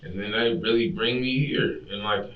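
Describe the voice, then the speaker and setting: A man's voice: fairly low pitch, steady tone, normal speed. A young man in his twenties, a suspect in a police interrogation, talking in a distressed, rambling, slangy way. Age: 20s. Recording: roomy, distant, muffled interrogation room audio.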